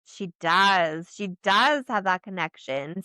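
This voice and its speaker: A woman with a bright, forward voice gives a channeled spiritual reading. She talks in an earnest, flowing way, often trailing off and restarting with "like." The sound is dry and close, with no room around it. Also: medium pitch, expressive, moderate pace, no room sound. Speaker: psychic channeler.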